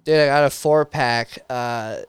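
A man co-hosting a podcast, talking in loose crude slang and tacking "dude" onto nearly every sentence. His voice is very clear and crisp. It sounds dry and close, with no room sound. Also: mid-range voice, measured pace, no room sound. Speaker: podcast co-host. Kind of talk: casual chat.

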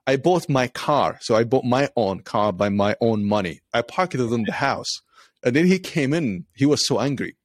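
Man telling a story with halting restarts. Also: medium pitch, expressive, no echo, clean studio sound. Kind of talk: casual conversation.

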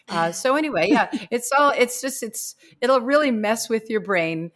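A woman author, a guest on a podcast, talking earnestly and emphatically and acting out quoted lines with big swings in pitch. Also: lively intonation, normal speed, hardly any pauses, fairly bright tone. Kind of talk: casual conversational interview.

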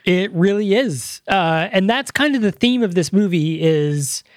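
A man's voice: high voice, expressive, a little slow, dry recording, clean studio sound. A man co-hosting a podcast, casually recapping a film's plot at length with plenty of "um" and "you know.". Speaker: podcast co-host. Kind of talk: casual movie-review chat.

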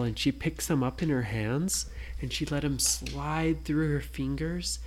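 A parent improvising a bedtime story, speaking softly and often asking the listener questions. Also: medium pitch, unhurried, a little hiss or hum. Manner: soft, hushed, asks listener questions.

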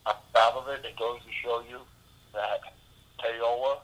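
Bright-voiced man telling rambling stories. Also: medium pitch, fairly even intonation, unhurried, a little hiss or hum, rough recording. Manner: rambling, profane, laughing anecdotes with many fillers. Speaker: guest musician. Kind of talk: casual storytelling interview.

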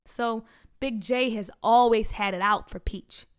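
A woman reads a children's story aloud in an expressive, animated way. Her voice sits fairly high and she gives the narration plenty of lift. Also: unhurried, clear, resonant tone.

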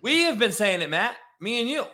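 A man hosting a casual sports talk show over a remote call, loud and excitable, swearing freely as he rants. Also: very high voice, a little fast. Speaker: podcast host. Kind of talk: casual profane sports chat.

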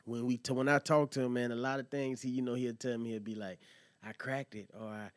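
A man's voice: mid-range voice, level tone, fast talker, no echo, studio quality. A man hosting a podcast in casual, profane, rambling chat. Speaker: podcast host.

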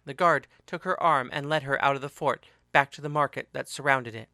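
A man narrating a story aloud in a steady, expressive reading voice. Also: medium pitch, fairly quick, hardly any pauses, dry recording, studio quality.

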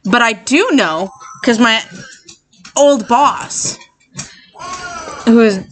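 A woman co-hosting a casual podcast chat, profane and quick to laugh, often trailing off mid-thought. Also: fairly high pitch, soft background music. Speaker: podcast co-host.

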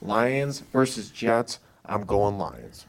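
A man's voice: fairly low pitch, very animated, takes it slowly, creaky. A man hosting a casual podcast with friends, running through football picks in a joking, profane way. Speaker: podcast host.

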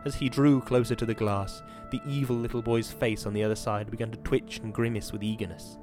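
A man hosting a podcast, giving a measured, dramatic reading of a horror novel and then chatting about it. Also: on the low side, steady tone, over music. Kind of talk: dramatic reading and casual commentary.

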